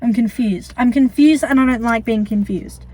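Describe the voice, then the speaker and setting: A woman's voice: fairly high pitch, normal speed, a little mellow. A young woman, co-hosting a casual chat and telling rambling, self-deprecating stories with swearing. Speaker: co-host.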